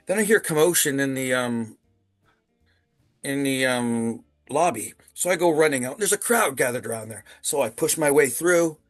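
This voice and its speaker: A man's voice: mid-range voice, no echo, clean studio sound. Chatty man from Ontario, Canada. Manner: animated, laughs often, lots of fillers. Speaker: guest. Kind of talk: casual storytelling. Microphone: video call.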